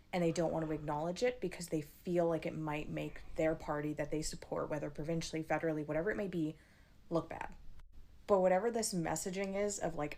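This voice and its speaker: A woman's voice: low voice, creaky, darkish tone. A woman in a casual social media rant, speaking in an exasperated way with many fillers.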